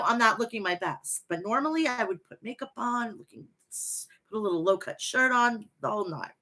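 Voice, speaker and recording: A woman's voice: on the high side, sharp tone. A woman hosting a wrestling review live stream, chatting casually, swearing freely and reading names from the chat. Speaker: wrestling review show host.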